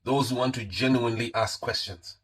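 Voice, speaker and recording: Impassioned husky Zimbabwean man. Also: mid-range voice, steady tone, brisk, fairly bright tone, poor audio. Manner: heated, repetitive, mixing in Shona phrases. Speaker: online political commentator. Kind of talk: impassioned live-stream commentary.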